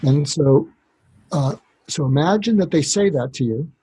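A man speaking as a doctor guest on a podcast interview, explaining calmly and acting out short exchanges to demonstrate. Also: on the high side, unhurried, husky, low-quality recording. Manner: calm, explanatory, demonstrates dialogue.

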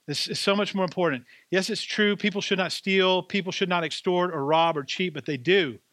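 A man's voice: sits high, fairly quick, fairly bright tone, no echo. A man preaching a sermon as pastor, with a conversational, self-deprecating way of telling stories.

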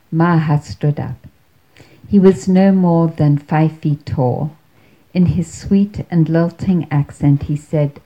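Woman storyteller, wry and measured, very slow delivery. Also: deep voice, mellow, lo-fi sound. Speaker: speaker telling a story. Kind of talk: storytelling talk.

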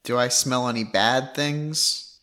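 A man's voice: mid-range voice, takes it slowly, sharp tone. A man playing in a casual tabletop game, goofy and playful. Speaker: player.

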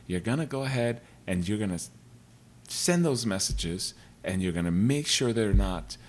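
Sex: man. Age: middle-aged. Role: podcast host. Style: casual solo monologue. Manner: emphatic, profane, repeats himself. Pitch: somewhat low. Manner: emphatic, repetitive, profane, advice-giving.

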